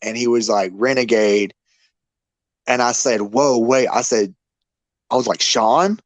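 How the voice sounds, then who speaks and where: A man's voice: lowish voice, fairly even intonation, unhurried, no echo. A man giving an emotional memorial tribute to a friend in casual, repetitive talk, his voice breaking with grief. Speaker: memorial speaker.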